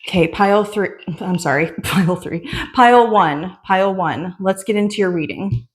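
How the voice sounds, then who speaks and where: A woman's voice: mid-range voice, moderate pace. A woman who is pregnant, a tarot reader chatting casually and rambling through a story with lots of fillers before starting a card reading.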